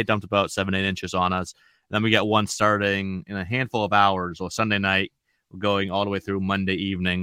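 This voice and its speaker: A man with a New England accent hosting a fantasy baseball podcast in a chatty, relaxed way. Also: lowish voice, clear, resonant tone, no room sound, studio quality. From Maine. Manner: chatty, relaxed, rambling with fillers. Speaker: podcast host. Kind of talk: casual podcast chat.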